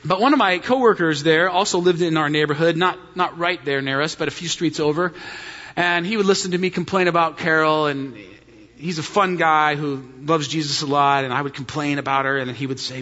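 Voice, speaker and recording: Man, pastor, sermon, bright voice, joking storyteller, dull lo-fi sound. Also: fairly high pitch, normal speed. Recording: dull sound in a hall with long reverb.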